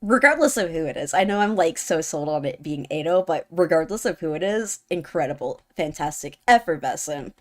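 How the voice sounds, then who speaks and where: A woman streamer chatting casually and reading game text aloud, in a giddy, gushing, animated way. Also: low voice, brisk, few pauses.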